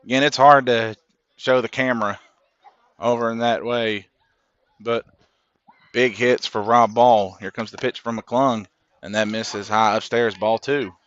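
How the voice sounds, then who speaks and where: Male local play-by-play caller, mid pitch, dull dry webcast sound. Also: unhurried, pauses often. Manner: steady play-by-play, rises with big plays. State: coughing, throat irritated. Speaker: play-by-play announcer. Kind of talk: sports commentary. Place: booth at a high school baseball game.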